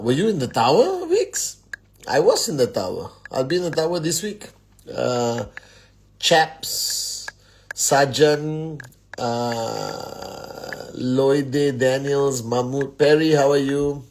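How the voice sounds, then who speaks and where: A man's voice: medium pitch, expressive, takes it slowly, creaky, darkish tone, slight background noise. A man hosting a live stream from home, upbeat as he rattles off greetings to many viewers before a casual motivational talk, speaking into a phone. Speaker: host of a network marketing live stream. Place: at home, indoors.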